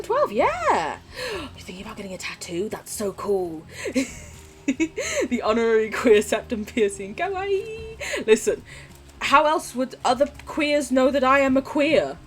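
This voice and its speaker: Streamer lady reading chat while she plays, swears like crazy, super animated pitch, soft music underneath. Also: moderate pace. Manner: swears freely, gushing and affectionate. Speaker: live streamer. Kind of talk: casual gaming stream chat.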